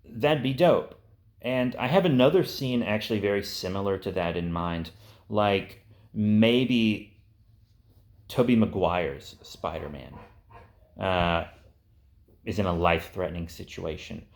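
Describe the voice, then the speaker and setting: A young man with a fairly low voice talks casually, wandering through his ideas. He curses freely and leans on fillers like "uh" and "like" as he goes. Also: a little slow, long pauses. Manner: rambling, profane, with frequent fillers. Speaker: host. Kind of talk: casual pitching of movie ideas.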